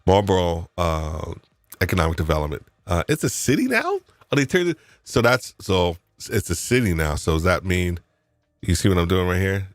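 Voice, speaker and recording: Man, from New York, deep low voice, rambling animated podcast chat, dry close sound. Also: normal speed, no room sound. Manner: rambling and animated, with frequent restarts and laughs. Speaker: podcast co-host. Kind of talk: casual live podcast chat.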